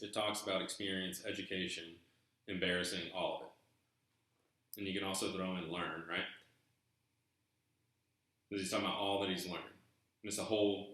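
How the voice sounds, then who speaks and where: A man's voice: low-pitched, a bit bright. A man hosting a treasure hunt video, musing in a chatty, folksy way with a put-on Southern American accent. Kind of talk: casual vlog commentary reading from a book. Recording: very echoey room.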